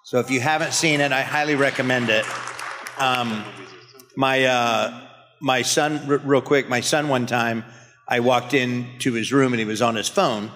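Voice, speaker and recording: A man on a convention panel telling a relaxed, anecdotal story through a microphone in a large room. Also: mid-range voice, measured pace, a little hiss or hum. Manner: relaxed anecdotal, laughing at his own story. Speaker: voice actor panelist. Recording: echoey convention hall through PA.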